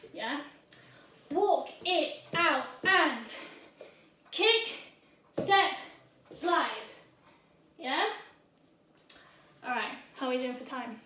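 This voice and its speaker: A woman dance teacher with a high voice talks a routine through slowly and scats the rhythm in quick syllables, often asking "yeah?". She is a little out of breath. She is recorded far from the camera in a very echoey room. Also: noisy background. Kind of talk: dance tutorial with counting and rhythm vocalizing.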